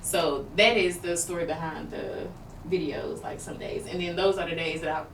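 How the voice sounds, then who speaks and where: A podcast co-host with a lowish voice and fairly even intonation speaks at a moderate pace, talking candidly about her struggles. She rambles openly with plenty of fillers. The recording is roomy and distant from the mic, with background noise.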